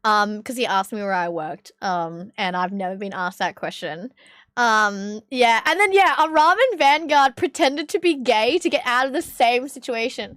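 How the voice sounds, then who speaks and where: A woman's voice: on the high side, lively intonation, normal speed, a bit bright, clean tone, dry recording, clean studio sound. A young woman with an Australian accent telling a story to her stream in a casual, rambling way, with many fillers and bursts of laughter. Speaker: livestreamer.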